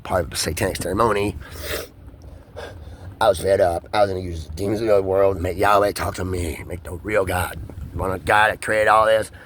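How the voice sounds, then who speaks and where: A man in a rambling, profane solo monologue, his pitch swinging between high and low. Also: fairly even intonation, brisk, a bit bright, a little hiss or hum. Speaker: vlogger.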